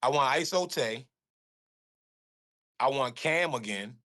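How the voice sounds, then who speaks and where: A man who is a guest on a relaxed interview, telling game stories in lively slang. His voice is bright and sharp, and his pitch is average for a man. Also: slow pace. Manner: animated storytelling with slang. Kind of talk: casual interview.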